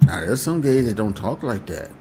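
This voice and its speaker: A man's voice: fairly low pitch, sing-song, normal speed, mellow, a little hiss or hum. A man hosting a casual livestream, talking in a loose, joking, slangy way. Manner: loose, joking and slangy, often trailing into laughter. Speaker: host.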